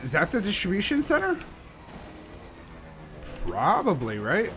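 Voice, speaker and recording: A man giving casual, sarcastic let's-play commentary, animated and swearing often. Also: a little high, takes it slowly. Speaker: gaming video host.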